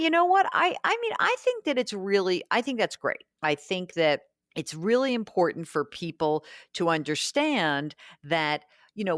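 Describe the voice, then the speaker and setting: A woman's voice: low voice, fairly bright tone, no echo, studio quality. A woman hosting a radio call-in show about money, chatty and thinking aloud as she answers listener questions.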